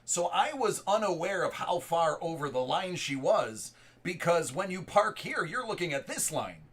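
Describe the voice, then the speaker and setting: A man in his thirties with a bright, forceful voice, telling a personal story to a live chat. He rambles and restarts his sentences often. His pitch sits a little high for a man. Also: sing-song, normal speed, breathy edge. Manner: rambling, restarts and repeated words. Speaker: live stream host.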